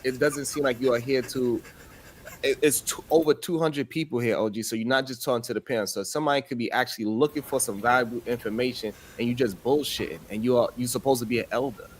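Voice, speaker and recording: A man's voice: mid-range voice, fast talker, a little hiss or hum. A man co-hosting a podcast, bluntly and exasperatedly scolding another panelist. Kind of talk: heated podcast debate.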